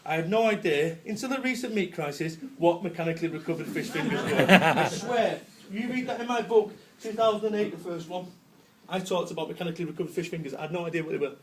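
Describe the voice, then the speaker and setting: A man from Salford, England, with a Manchester accent gives a brash, jokey business talk to a live audience, swearing and laughing throughout. His voice is a little high and he talks fast, delivering what amounts to a comic motivational talk as a business speaker.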